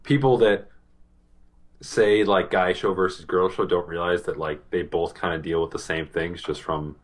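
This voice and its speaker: A man with a Boston accent co-hosting a casual TV review podcast, talking in a halting way with many fillers and restarts. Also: low voice, fairly even intonation. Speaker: podcast co-host.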